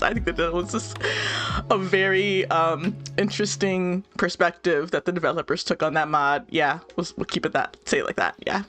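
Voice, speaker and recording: A woman's voice: on the low side, animated, normal speed, a bit bright. A young woman with a stuffy nose, chatting and giggling casually as she plays a game. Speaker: let's play host. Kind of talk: casual gameplay commentary. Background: faint game music.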